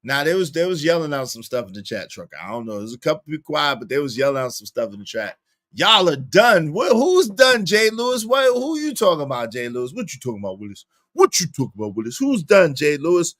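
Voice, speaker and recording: A young man with a slightly high voice talks fast while hosting a casual livestream. Animated and teasing, he reads the chat aloud and repeats lines back to viewers over and over.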